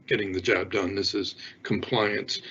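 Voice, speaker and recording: A man's voice: on the low side, fairly even intonation, a little slow, pushed and bright, husky. An older man, a parenting expert, giving conversational advice and answering viewer questions, acting out little example dialogues. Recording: dull lo-fi sound with faint noise.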